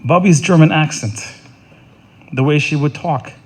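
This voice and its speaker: Earnest, halting man giving a eulogy. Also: fairly high pitch, darkish tone, slightly rough. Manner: earnest, halting, repeats words and restarts. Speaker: eulogist at a funeral. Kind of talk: funeral eulogy. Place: funeral service.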